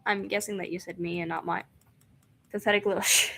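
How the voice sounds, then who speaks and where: A young woman streaming a game, reading its text aloud and chatting excitedly, often laughing and rambling. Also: medium pitch, fairly quick, creaky. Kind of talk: casual let's-play chat, reading game text aloud.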